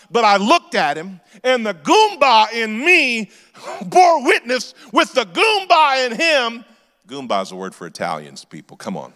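A man in his forties preaches from a church stage, telling comic stories and shouting his punchlines. His voice sits high and bright. A long reverb from the hall trails behind every phrase. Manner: animated storyteller, shouting punchlines. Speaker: pastor. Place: church auditorium.

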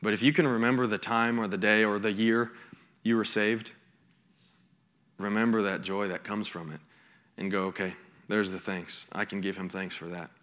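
A man's voice: fairly low pitch, steady tone, normal speed, long pauses, fairly bright tone. Young man preaching casually. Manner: conversational preaching with storytelling and asides. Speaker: associate college pastor. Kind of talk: sermon.

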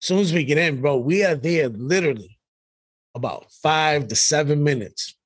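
A young man telling profane, animated stories on a podcast, often laughing. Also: a little high, normal speed, dry recording. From Brooklyn, New York. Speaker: podcast co-host. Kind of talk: casual storytelling chat. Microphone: podcast microphone.

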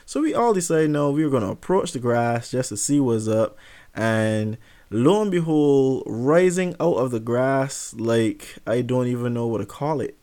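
A young man tells a funny story in a casual, animated way. His voice sits at a middle pitch. He is self-mocking and profane, recorded on a close mic. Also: normal speed, clear, resonant tone.

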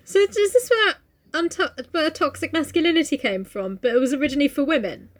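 A woman with a high voice co-hosts a casual podcast. She drops dry, teasing quips and cheeky interruptions. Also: big pitch swings, fast talker. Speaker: podcast co-host. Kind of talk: casual chat.

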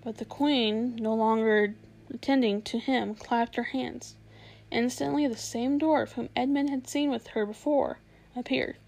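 A woman reading a children's novel aloud in a measured, expressive way. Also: a little high, vocal fry, poor audio. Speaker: storyteller.

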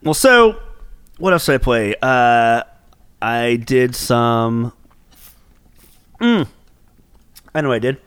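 A man's voice: mid-range voice, animated, takes it slowly, pauses often, fairly bright tone, clear, resonant tone, dry recording. A man co-hosting a gaming podcast in casual chat, swearing often and rambling bluntly. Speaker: podcast co-host.

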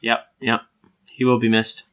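A young man from Georgia in the United States co-hosting a podcast, joking in a relaxed, laid-back way. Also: mid-range voice, measured pace. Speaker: podcast co-host. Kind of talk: casual banter.

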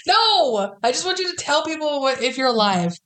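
A woman's voice: high voice, very animated, normal speed, a bit bright, poor audio. A woman in her thirties hosting a podcast, teasing and swearing in casual chat as she prods her guest with questions. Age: 30s. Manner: teasing, profane, pushy interviewer. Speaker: podcast host.

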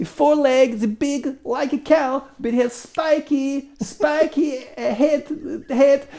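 A squeaky, overexcited waitress, as a man puts her on with a made-up foreign accent, hunting for words in broken English. The voice jumps far above his own and comes out loud with a gravelly edge. She spells everything out slowly, one word at a time. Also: fairly even intonation, exaggerated voice. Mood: eager, explaining. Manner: halting broken English, acting out words with gestures. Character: flustered female foreign waiter, broken English.

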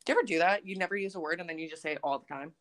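A woman's voice: lowish voice, racing, a bit bright. A young woman co-hosting a casual chat podcast, swearing freely and laughing often. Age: young adult. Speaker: podcast co-host.

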